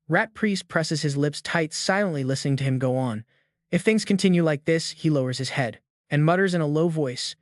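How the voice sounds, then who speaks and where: A male narrator tells a comic's story in steady, dramatic scripted narration. His voice sits a little high. The recording is dry, with no room sound around it. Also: normal speed, no room sound.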